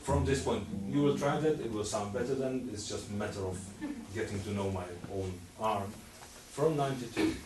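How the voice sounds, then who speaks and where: A man's voice: lowish voice, moderate pace, darkish tone, far from the mic, a little hiss or hum. A man coaching a string quartet in a master class, singing out rhythms and repeating his instructions. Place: rehearsal room with musicians. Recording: roomy, from afar, music playing.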